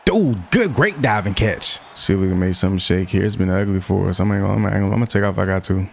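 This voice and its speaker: A man's voice: low voice, monotone, racing, creaky, a little mellow, slight background noise. A young man giving casual, slangy gameplay commentary, often frustrated as he plays. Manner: frustrated, slangy, self-talk while playing. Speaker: gaming YouTuber.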